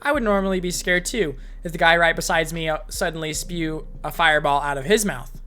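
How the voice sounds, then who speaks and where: A woman's voice: sits low, brisk, fairly bright tone. A woman casually reading fan fiction aloud on a live stream, breaking off for profane offhand asides.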